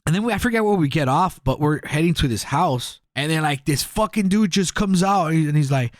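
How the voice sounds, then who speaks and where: A young man co-hosting a podcast tells a rambling, casual story packed with fillers and swearing, acting out the quotes. His fairly high voice moves briskly with lively intonation. The recording is dry and studio quality.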